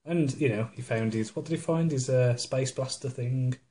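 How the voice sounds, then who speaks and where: A man co-hosting a podcast, chatting casually about a film. He retells scenes mockingly, slipping into silly voices. His voice sits at an ordinary middle pitch. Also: moderate pace, mellow. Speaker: podcast co-host. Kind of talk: casual chat. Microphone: studio microphone.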